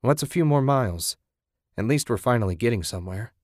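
A man's voice: mid-range voice, animated, brisk, darkish tone, no room sound, clean studio sound, natural voice. A man voicing a polite, apologetic husband who is nervous around strangers.

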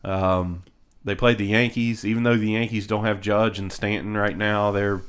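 A man's voice: on the low side, flat delivery, normal speed, a bit bright, clear, resonant tone. A man co-hosting a podcast, telling stories in casual chat, rambling with restarts and frequent laughter. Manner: rambling storyteller, laughs often, many restarts. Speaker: podcast co-host.

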